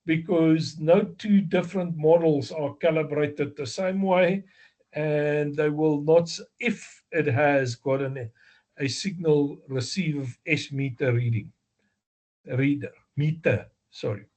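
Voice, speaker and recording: A man with a South African accent giving a slow, deliberate exam review lecture, explaining step by step with fillers and self-corrections. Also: a little high, a little mellow. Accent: South African English. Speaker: amateur radio exam instructor.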